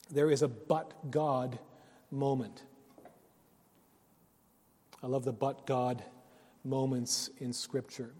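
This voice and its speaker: A man's voice: medium pitch, husky. Preaching man in a reverberant hall. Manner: earnest, swings between loud emphasis and hushed phrases. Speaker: pastor. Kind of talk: sermon.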